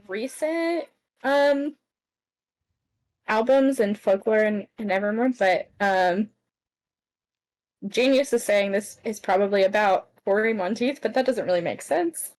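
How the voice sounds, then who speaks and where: A young woman co-hosting a podcast, easygoing and quick to laugh as she steers the talk. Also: a little high, rough recording. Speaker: podcast co-host. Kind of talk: casual chat.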